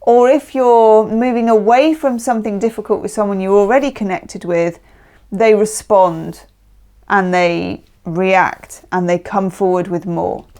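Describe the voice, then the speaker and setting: A woman's voice: medium pitch, fairly even intonation, a little slow, a little mellow. A woman giving a casual, chatty tarot reading, emphatic and often checking in with the listener. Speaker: tarot reader.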